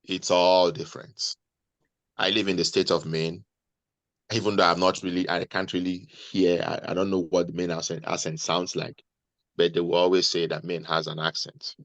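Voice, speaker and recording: A man, a guest on a video call, giving measured, deliberate advice to nurses. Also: low voice, level tone, vocal fry, a bit bright, dry recording. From Nigeria.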